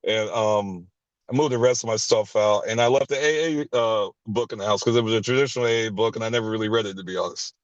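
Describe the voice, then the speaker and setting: A man's voice: quick pace, no echo, highs cut off. A man candidly telling a personal story at a recovery sharing meeting, blunt and profane, often restarting his sentences. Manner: blunt and profane, with frequent restarts and short laughs; acts out others' lines with sharp jumps in pitch.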